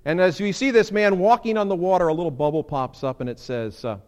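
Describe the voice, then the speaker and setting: A pastor delivering a Sunday sermon in a somewhat high male voice. He is lively and theatrical, and his voice leaps upward whenever he plays out a quotation. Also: brisk. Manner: animated, acts out quoted lines with big jumps in pitch.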